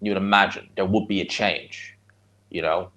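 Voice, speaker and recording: A man with a Dublin Irish accent talks in a slightly low voice as he reacts live to a boxing fight. He chats bluntly with his viewers in between, rambling from one point to the next in a relaxed, conversational way. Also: moderate pace. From Ireland. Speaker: streamer hosting a live watch-along. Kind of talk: casual live fight commentary and chat.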